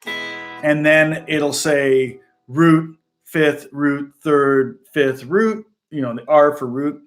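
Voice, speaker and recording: Middle-aged male guitar host, fairly high voice, rambling, laughs a lot. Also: extremely slow, a bit bright. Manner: rambling and chatty, laughs often. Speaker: guitar teacher and channel host. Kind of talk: casual livestream chat.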